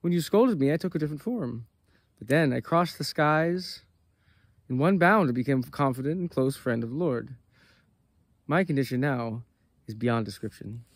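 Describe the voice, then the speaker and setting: A man's voice: mid-range voice, expressive, normal speed, dry recording. A man voicing a humble, devoted male shepherd, earnest and pleading in his lines. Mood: serene.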